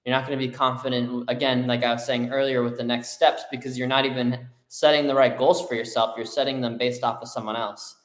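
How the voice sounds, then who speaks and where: A man's voice: medium pitch, little pitch movement, fast talker, few pauses. A man co-hosting a motivational live show, talking in a firm, driven way and affirming what his co-host says. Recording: echoey room.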